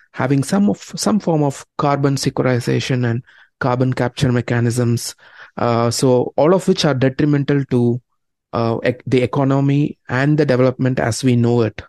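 A man who researches environmental science, answering interview questions in a measured, explanatory way with some fillers. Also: medium pitch, warm tone, dry recording.

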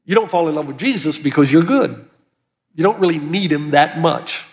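A man's voice: on the high side, lively intonation, normal speed. A male pastor preaching an earnest, emphatic sermon, lifting his voice on key words. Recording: long hall reverb.

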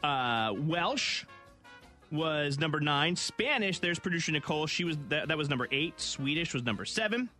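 Bright-voiced male radio host. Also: a little high, very animated, moderate pace, faint music behind. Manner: playful, reads out lists. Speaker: radio morning show host. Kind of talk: casual radio banter. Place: radio studio.

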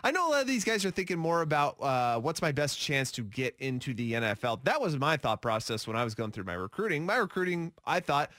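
A man co-hosting a sports talk show, his voice bright and lively as it swings up and down in pitch. He chats casually and jokes at his own expense. The sound is dry and close. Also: fairly quick, hardly any pauses, dry recording. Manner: animated, joking, self-mocking.

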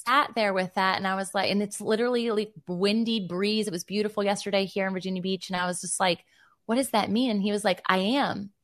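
A woman in her thirties hosting a faith podcast, telling a personal story in an animated, emotional way. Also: mid-range voice, quick pace, no room sound, studio quality. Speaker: podcast host. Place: Virginia Beach.

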